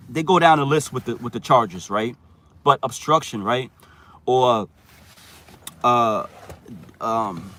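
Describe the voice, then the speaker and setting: A man's voice: medium pitch, a bit bright, a little hiss or hum. A man rambles through a casual livestream talk, speaking in a mid-range voice. He stumbles and repeats words, and he tags almost every point with a questioning "right?" aimed at his viewers. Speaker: channel host talking to live viewers.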